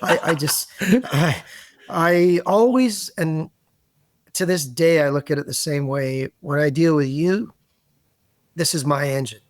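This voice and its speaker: A middle-aged man from Canada, a podcast guest telling animated, self-deprecating stories in a relaxed conversation. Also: on the high side, a little slow, no room sound, clean studio sound. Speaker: interview guest. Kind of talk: conversational interview.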